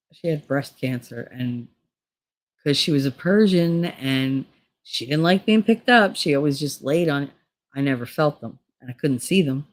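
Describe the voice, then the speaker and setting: A woman's voice: a bass voice, darkish tone. A middle-aged woman talking candidly in a casual, rambling monologue, laughing often and swearing freely. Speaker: vlogger.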